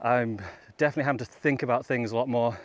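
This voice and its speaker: A man's voice: medium pitch, steady tone, quick pace, no echo. A man vlogging outdoors on a bike trail, chatting casually and laughing often between remarks. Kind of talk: casual chat while riding.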